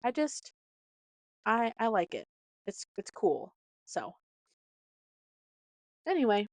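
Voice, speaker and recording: A young podcast host from Nebraska speaks slowly in a slightly high voice, with no echo in the recording. She tells rambling stories in a chatty, casual monologue, full of fillers and animated quoted voices.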